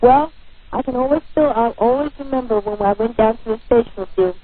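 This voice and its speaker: A man's voice: extremely high pitch, fairly quick, no echo, faint music behind. A male caller on a radio show, affectionate and sentimental. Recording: tinny phone line, dry.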